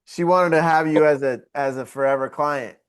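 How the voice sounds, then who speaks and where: A man's voice: a little high, steady tone, moderate pace, clean tone, no room sound. A man hosting a podcast, mostly answering with short encouraging replies. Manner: brief encouraging backchannels. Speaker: podcast host.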